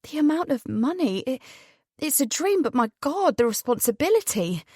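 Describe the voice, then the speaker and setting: A woman doing a high, anxious young woman. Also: sing-song, moderate pace, darkish tone, dry recording, studio quality. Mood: anxious disbelief. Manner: high, breathless, stammering disbelief.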